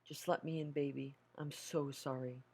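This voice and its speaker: A man voicing a tearful, pleading mother at a door, in a raised, softened voice while reading a horror story aloud. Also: steady tone, normal speed, husky. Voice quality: soft, higher pleading tone.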